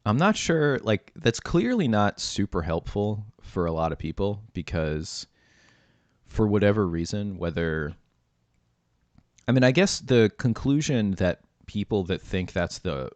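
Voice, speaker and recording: Low-voiced male host, loose and chatty, filler-heavy, laughs easily. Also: expressive, unhurried, dry recording. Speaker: podcast host. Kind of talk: casual podcast chat.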